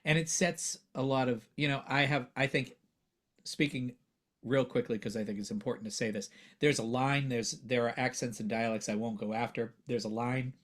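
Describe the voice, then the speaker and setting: Brief: male voice actor, mid-pitched, earnest and animated in conversation. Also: normal speed. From United States. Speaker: voiceover actor and dialect coach. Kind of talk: casual interview talk.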